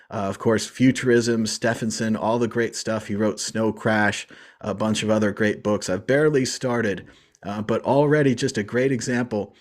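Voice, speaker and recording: Low-voiced man hosting. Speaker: show host. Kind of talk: casual panel chat.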